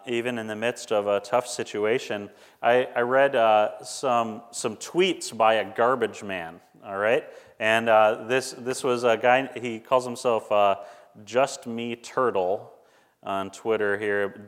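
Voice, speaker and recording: A man preaching a sermon, earnest and conversational, growing fervent as he reads scripture aloud. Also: medium pitch. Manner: earnest, rising to fervent when reading scripture. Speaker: pastor. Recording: long hall reverb.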